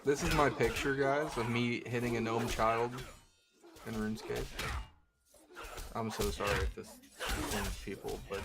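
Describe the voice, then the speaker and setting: A man's voice: medium pitch, steady tone, unhurried, pauses often, noisy background. A man chatting casually on a live game stream, rambling and crude with a joking tone.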